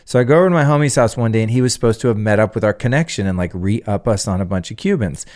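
Podcast host, male, lowish voice, loose profane storyteller. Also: expressive, rapid-fire, a little mellow. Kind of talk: casual podcast conversation.

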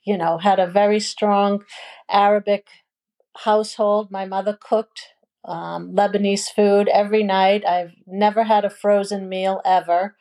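A woman in her sixties, a guest in an interview, telling stories in a relaxed way with frequent ums. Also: mid-range voice, unhurried. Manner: warm storytelling with many ums and you knows. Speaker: guest, food business owner. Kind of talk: casual interview chat.

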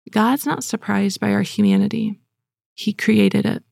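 A woman giving earnest, gentle devotional teaching and leading listeners in prayer, speaking casually with fillers. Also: mid-range voice, very animated, measured pace, gravelly, no echo.

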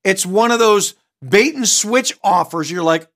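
A middle-aged man with a noticeably high voice leads a sales training session. He coaches in a direct, emphatic way, landing points with punchy asides. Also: unhurried, a bit bright. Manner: switches tone to act out customers. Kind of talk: recorded training seminar.

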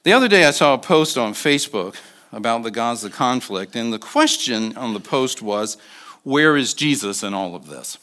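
A man in his sixties preaching as a guest speaker, telling a personal story with soft asides and emphatic bursts. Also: medium pitch, expressive, moderate pace. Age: 60s. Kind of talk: sermon.

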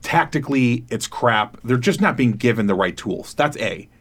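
A man's voice: mid-range voice, lively intonation, moderate pace, a bit bright. A man in his thirties co-hosting a casual podcast, rambling and laughing as he acts out quoted voices. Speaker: podcast co-host.

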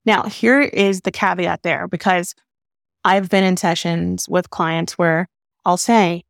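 A woman therapist hosting a podcast, calmly explaining advice in an earnest way. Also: lowish voice, slow, creaky, dry recording, clean studio sound. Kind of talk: advice talk.

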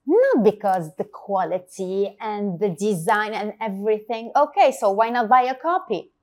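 A woman guest on a podcast, telling an anecdote in lively fashion, acting out quoted lines with many fillers and restarts. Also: medium pitch, moderate pace. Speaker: marketing agency founder, guest. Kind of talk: casual podcast interview.

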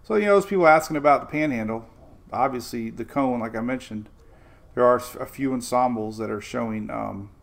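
An older man with a gravelly, creaky voice talks through the weather in a loose, rambling way. He hosts a casual weather stream and drifts into homey asides between forecasts. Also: medium pitch, fairly quick. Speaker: weather show host.

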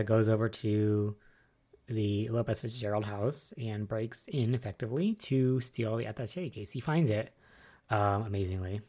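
Rambling, mellow-voiced soap recap host. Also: medium pitch. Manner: rambling, musing aloud, many fillers; excitable and spoiler-wary. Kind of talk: casual solo recap chat.

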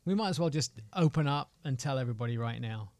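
A man co-hosting a studio talk show, telling tall tales with a deadpan delivery. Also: medium pitch, quick pace, no echo. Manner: deadpan, joking. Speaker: co-host. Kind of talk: casual banter.

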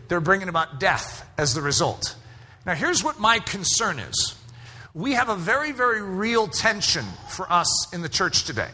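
Emphatic high-voiced preacher in a hall. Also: male voice. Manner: emphatic preaching, shouting at peaks. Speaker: pastor. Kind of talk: sermon. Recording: hall reverb.

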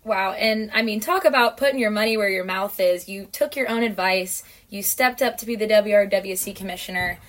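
A woman's voice: mid-range voice, a little fast, hardly any pauses. Enthusiastic woman podcast host. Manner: enthusiastic, excited. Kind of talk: casual interview talk.

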